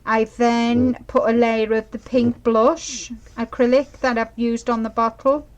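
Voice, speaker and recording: This middle-aged woman talks viewers through a live craft project in an unhurried, chatty way. Her voice sits a little high, and she keeps apologising and asking whether everyone can see. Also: level tone, poor audio. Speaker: craft demonstrator.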